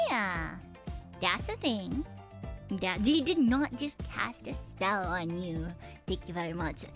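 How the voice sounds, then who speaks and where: A woman from eastern Canada chats loosely with her stream audience, laughing and dropping casual curses. Her voice sits a little high. Soft music plays faintly underneath. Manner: chatty, laughing, swears casually. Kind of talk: casual livestream chat.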